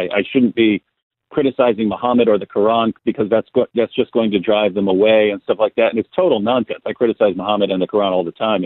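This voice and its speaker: A man's voice: fairly low pitch, no echo. A man being interviewed as a guest, speaking bluntly and telling stories with frequent restarts. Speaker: guest apologist. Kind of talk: conversational interview answers. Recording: tinny phone line.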